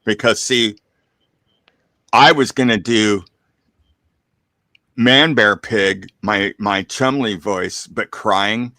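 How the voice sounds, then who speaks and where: A man's voice: lowish voice, slow pace, long pauses, bright, forceful tone, no echo. A man on a casual stream, grumbling and teasing his friend. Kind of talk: casual live-stream chat.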